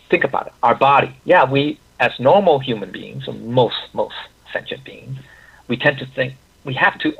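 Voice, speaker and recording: A man teaching an online class, talking in a halting way with many restarts and frequent "okay, right?" check-ins. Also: mid-range voice, vocal fry, slightly rough, lo-fi sound.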